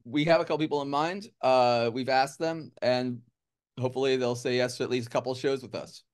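A man's voice: medium pitch, fairly even intonation, a little fast, smooth. A man from the United States, a musician guest, chatting casually in an interview with a rambling, joking, self-deprecating manner.

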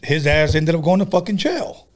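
A man's voice: on the high side, very animated, normal speed. A man hosting a podcast, telling casual, profane stories in a laid-back way. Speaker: podcast host. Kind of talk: casual storytelling chat.

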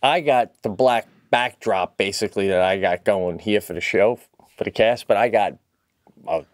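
A man chatting casually as a podcast co-host, dry and close to the mic. He tells stories with big swings in pitch. He swears freely, calls his friend "bro" and breaks into loud, high-pitched outbursts. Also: normal speed, no echo. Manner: animated storyteller, swears, says "bro". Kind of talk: casual chat.

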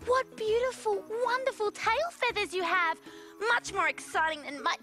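Woman voicing a squeaky chatty duck. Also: normal speed, faint music behind, heavily acted. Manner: excitable, squeaky quacking. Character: chatty friendly duck, unhappy with her big feet.

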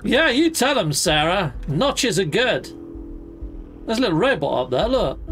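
A man's voice: high-pitched, sing-song, measured pace, fairly bright tone. A man hosting a let's play, chatting playfully as he loots and fights, full of exclamations and mild mock swearing. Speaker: gaming channel host.

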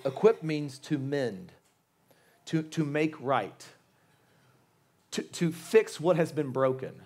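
A pastor in his thirties delivers a sermon with earnest emphasis, and his voice sits a little higher than most men's. He returns to key phrases again and again and often restarts his sentences as he drives a point home. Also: darkish tone. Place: church sanctuary.

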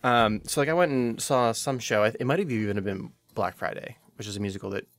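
A man's voice: fairly low pitch, fairly quick, fairly bright tone, no room sound. A young adult man hosting a podcast, telling a long story in a casual, tipsy way, rambling with lots of fillers and swearing. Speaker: podcast host.

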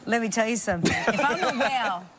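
A woman talk show host chatting casually and telling stories in an animated way before a live studio audience. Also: a little high, fast talker, a crowd in the background, noisy background. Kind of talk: casual chat.

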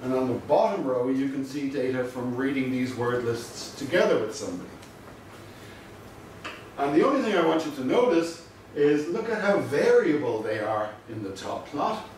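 A man's voice: mid-range voice, lively intonation, darkish tone, a little hiss or hum. Man lecturing in a very echoey room. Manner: measured, explanatory, dry asides. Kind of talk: university lecture. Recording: very echoey room, mic far off.

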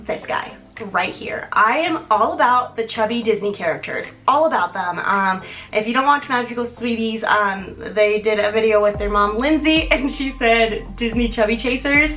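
A young woman talking casually in an unboxing vlog, gushing and giggly, breaking into excited squeals. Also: on the high side, normal speed, soft background music. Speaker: vlogger.

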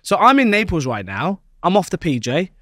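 Young male podcast co-host, animated and high-ish, playful storyteller, dry close sound. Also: fairly quick, no echo. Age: young adult. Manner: playful storytelling, lively swings in pitch. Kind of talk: comic casual chat.

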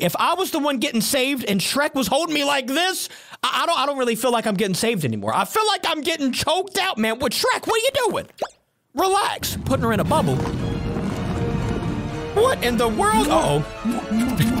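High, lively reaction-video host. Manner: animated and incredulous, often pausing to replay. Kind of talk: comedic cartoon reaction commentary. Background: music from the cartoon being watched.

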